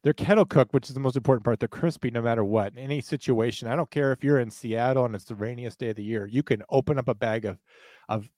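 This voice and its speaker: He has a mid-range, somewhat mellow voice and a quick pace, captured in a dry recording. As a podcast co-host he hams up the ad reads, joking around with exaggerated salesy flair.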